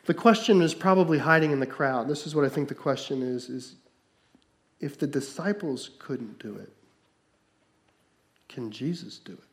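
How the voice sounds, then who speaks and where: A male pastor preaching a sermon, moving between loud, emphatic stretches and hushed, slowed-down lines. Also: medium pitch, animated.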